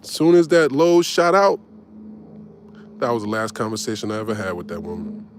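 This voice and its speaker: Animated storytelling man in his forties. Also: fairly low pitch, normal speed, a little hiss or hum. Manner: animated, swearing, tags lines with "right?". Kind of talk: casual storytelling.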